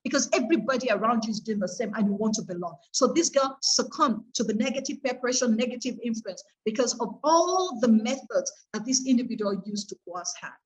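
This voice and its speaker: Woman speaker teaching a course, earnest, keeps asking the crowd questions, voice on the high side. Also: animated, brisk, hardly any pauses, a little hiss or hum, rough recording. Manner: earnest, asks the audience rhetorical questions. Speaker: course speaker on peer pressure. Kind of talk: faith-based teaching talk.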